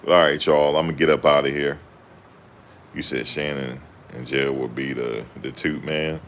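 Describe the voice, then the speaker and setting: Young guy talking to camera, real deep voice, slangy laid-back banter. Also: level tone, normal speed, fairly bright tone. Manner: loose slangy banter, laughing. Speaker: vlogger. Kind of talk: casual chat to camera.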